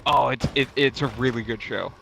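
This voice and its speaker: A man's voice: mid-range voice, a little fast, gravelly, fairly bright tone. Rambling, swearing young man streamer. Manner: rambling, profane storytelling with self-corrections. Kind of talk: casual chat while gaming. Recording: noisy stream audio.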